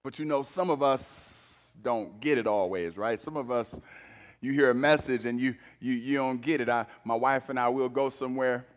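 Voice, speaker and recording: A man preaching a sermon, moving between emphatic loud passages and hushed, low-voiced lines. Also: normal speed. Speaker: pastor. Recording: long reverb of a large hall.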